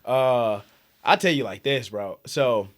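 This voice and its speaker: A man's voice: medium pitch, unhurried. A young man from New York City, co-hosting a comedy podcast, telling profane stories with lots of laughter. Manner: animated, laughing, profane storytelling. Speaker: podcast co-host. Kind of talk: casual chat, storytelling.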